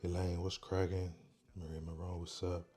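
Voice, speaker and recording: A man hosting a casual livestream, talking softly and quietly into a microphone worn on his neck. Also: low voice, level tone, normal speed. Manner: soft, quiet, chill talk, reading chat aloud. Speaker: livestream host.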